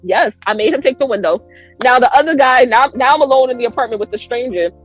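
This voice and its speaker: High-voiced woman telling a wild story. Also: fast, no room sound, faint music behind, poor audio. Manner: animated, acts out her own lines in swooping pitch, laughs often. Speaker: podcast guest. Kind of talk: animated storytelling.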